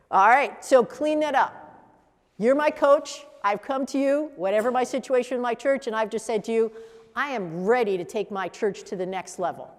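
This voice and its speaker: A woman teaching a coaching workshop, lively and laughing, repeating answers back to the room. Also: fairly high pitch, moderate pace, big-room sound. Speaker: coach trainer.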